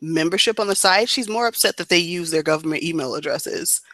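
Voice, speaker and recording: A woman's voice: fairly low pitch, fairly quick, fairly bright tone, no room sound. A woman co-hosting a casual podcast chat, blunt and sarcastically dismissive. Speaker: podcast co-host.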